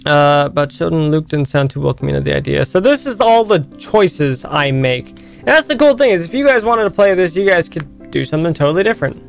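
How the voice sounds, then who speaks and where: A man's voice: fairly high pitch, lively intonation, brisk, vocal fry, soft background music. A man streaming a story game, reading the narration aloud and breaking off to chat with and thank his viewers.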